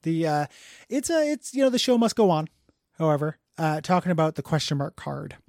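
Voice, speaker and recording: A man's voice: on the high side, very animated, fairly quick, darkish tone, no room sound, studio quality. A man hosting a podcast in casual chat, rambling and laughing at himself. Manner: rambling, laughing, self-deprecating. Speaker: podcast host.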